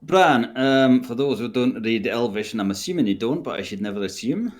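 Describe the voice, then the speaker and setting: A man playing a tabletop game over a voice call, teasing the others and reading aloud in a slow, dramatic way. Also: mid-range voice, animated. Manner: playful, teasing, reads aloud slowly and dramatically. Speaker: player. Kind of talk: casual chat and in-character play.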